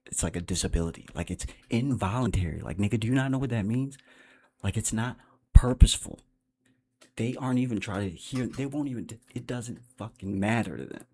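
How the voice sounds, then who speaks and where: A man's voice: fairly low pitch, dark tone. A man hosting a livestream, giving unscripted commentary in a blunt, profane, rambling way. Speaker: livestream host.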